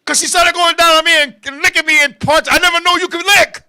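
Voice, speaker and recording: A man hosting a comedy show, telling a crude story loudly and animatedly, laughing often and putting on voices to quote people. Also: extremely high pitch, fairly even intonation, fast. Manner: crude and profane; puts on voices to quote others. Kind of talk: comic storytelling to co-hosts.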